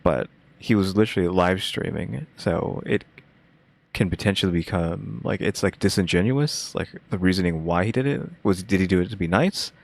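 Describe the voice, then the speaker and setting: A man chatting casually as co-host, with dry deadpan humor and rambling asides. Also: low-pitched, normal speed, vocal fry. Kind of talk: casual reaction chat.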